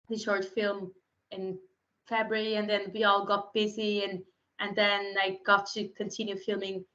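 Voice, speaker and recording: A woman, a filmmaker in an interview, telling animated stories and acting out the lines of the people in them. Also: medium pitch. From Brazil. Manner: animated storyteller, acts out quotes, laughs often. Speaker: filmmaker guest. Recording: slightly muffled recording.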